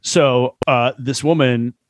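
A man's voice: medium pitch, steady tone, takes it slowly, dry recording. Rambling man, dry close sound. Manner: rambling storyteller, heavy on "like" fillers, laughs at own jokes. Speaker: podcast guest. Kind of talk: casual chat.

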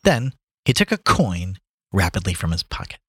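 A man with a low voice, bright in tone, reads a story aloud for a podcast. His pitch moves a lot as he slips into voices for the characters, and the sound is dry and close. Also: normal speed, slightly rough, dry recording. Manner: reads aloud with lively put-on voices for characters, stumbling over words. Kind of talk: casual reading and chat about a book.

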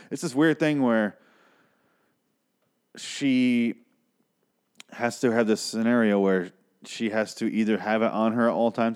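Young guy, lowish voice, excitable and foul-mouthed, rambling casual recap. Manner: excitable, profane, loses his train of thought. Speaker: podcast host recapping an episode.

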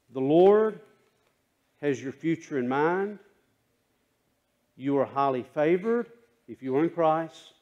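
A male pastor preaches in a church sanctuary. His voice sits somewhat high and he takes his time, drawing the congregation into call and response. He drops to a hush at times and rises to an impassioned plea at others. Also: dull audio. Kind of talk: sermon.

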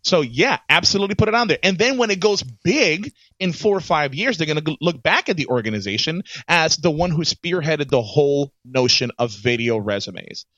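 A man co-hosting a casual podcast chat as an HR professional, animated and repeating his words as he starts each thought. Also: on the high side, a little fast, few pauses, no echo. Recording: dull, slightly lo-fi dry sound.

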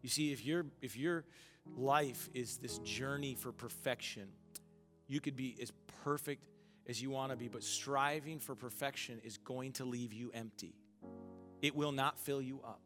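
Man, pastor, chatty call-and-response sermon; tense, bright tone, faint music behind. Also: medium pitch, a little slow. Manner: conversational preaching with call-and-response to the congregation. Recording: long hall reverb with faint music.

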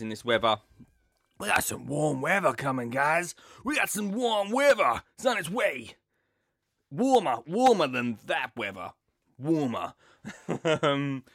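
Lively, chatty podcast host. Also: male voice, mid-range voice, no echo, clean studio sound. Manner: chatty and jokey, interrupts himself often. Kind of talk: casual chat.

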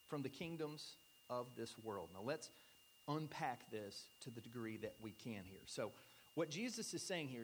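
A man in his forties, a pastor preaching an earnest sermon, slowing down to stress key points. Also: medium pitch, a little hiss or hum.

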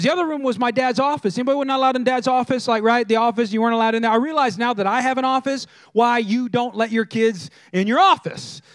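High-voiced animated preacher man. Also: dry recording, clean studio sound. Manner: animated, engages the crowd with questions. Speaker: pastor. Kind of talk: humorous storytelling sermon.

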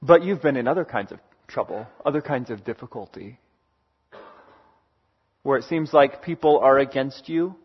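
Husky male pastor preaching casually. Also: mid-range voice, lively intonation, moderate pace, long pauses, highs cut off. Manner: conversational preaching, storytelling with hesitant fillers. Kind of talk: sermon.

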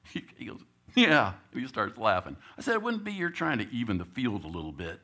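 A man's voice: fairly low pitch, fast. A middle-aged man, a church elder, telling a story in a sermon, chuckling often and acting out the voices of the people in it. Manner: animated, laughs often, acts out quotes.

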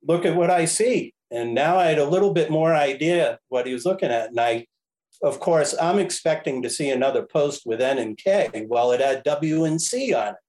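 Animated man telling a rambling story. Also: mid-range voice, moderate pace, rough recording. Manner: animated, rambling, self-correcting with frequent chuckles. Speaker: podcast guest, railroad history enthusiast. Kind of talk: casual anecdotal storytelling.

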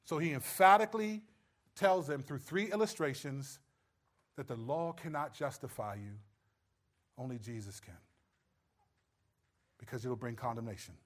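A man preaching a sermon, stressing points loudly and then dropping to low, quiet asides. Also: normal speed, long pauses. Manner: emphatic, swings between loud stresses and low quiet asides. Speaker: pastor.

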